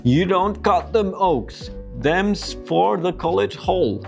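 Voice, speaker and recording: A man's voice: fairly high pitch, animated, normal speed, faint music behind, voice pushed up, lightly acted. A man putting on an old rustic forester. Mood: protective. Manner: broad rustic dialect, drawn out. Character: old rustic male college forester, deferential.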